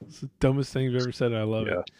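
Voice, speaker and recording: A man's voice: medium pitch, very fast, heavy background noise. A man co-hosting a casual talk show, rambling and sarcastic, swearing often and mimicking other people's voices. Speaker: podcast co-host. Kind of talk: casual profane chat.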